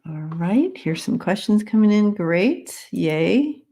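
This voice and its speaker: Slow-talking woman hosting a live stream. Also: mid-range voice, very animated, warm tone. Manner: halting, many fillers and restarts, greets viewers by name. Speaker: host of a live-stream psychic reading show. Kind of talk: casual live-stream chat reading viewer comments.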